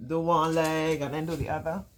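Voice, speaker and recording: A woman's voice: low-pitched, little pitch movement, moderate pace, a little hiss or hum. A middle-aged woman with a Barbadian accent reading a storybook aloud to children, playful and often laughing, with chatty dialect asides.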